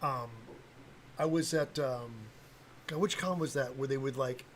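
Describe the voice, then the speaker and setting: A man's voice: medium pitch, measured pace, a little hiss or hum, rough recording. An older man talking casually on a livestream, blunt and rambling, with lots of fillers and restarts. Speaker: livestream host, cosplay prop maker.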